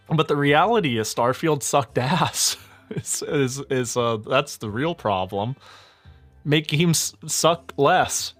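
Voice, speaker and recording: A man streaming and chatting casually, ranting with lots of swearing and quick laughs. His voice sits at a middle pitch, and faint music plays behind him. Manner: profane, animated ranting with frequent laughs. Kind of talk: casual gaming stream chat.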